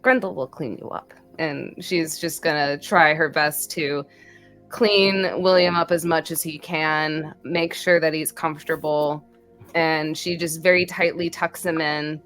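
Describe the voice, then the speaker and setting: A woman player describing her character's actions in a tabletop game, gentle and descriptive with small hesitations. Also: low-pitched, fairly even intonation, a little slow, faint music behind. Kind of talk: tabletop role-play narration.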